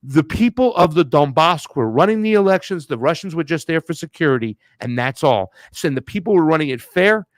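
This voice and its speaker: A male co-host with a slightly high voice, talking in blunt, slangy, heated bursts. The sound is close and dry, with no room around it. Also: lively intonation, fairly quick, hardly any pauses, no room sound. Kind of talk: casual political chat.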